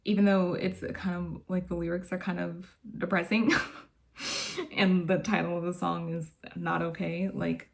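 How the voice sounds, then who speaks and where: A woman's voice: on the low side, flat delivery, unhurried, gravelly. A woman vlogger chatting casually from her bedroom, gushing and laughing often as she talks. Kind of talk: casual chat.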